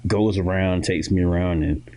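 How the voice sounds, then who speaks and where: A man's voice: sits low, moderate pace. A young man from Florida, co-hosting a podcast and telling a childhood story in casual chat, full of fillers and restarts. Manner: animated, loud impressions of others in quoted lines. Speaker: podcast co-host.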